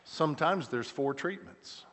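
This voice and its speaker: A middle-aged man, a pastor preaching a sermon, telling stories with frequent restarts and shifting between loud emphatic lines and quiet, slow asides. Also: a little high, lively intonation. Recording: church hall with long reverb.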